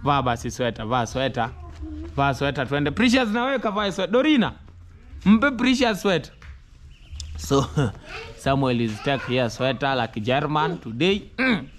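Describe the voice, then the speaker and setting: A man's voice: medium pitch, sing-song, moderate pace, fairly bright tone, a little hiss or hum. A man talking casually to camera in broken English and coaxing his young children, in a home family vlog. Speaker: vlogger.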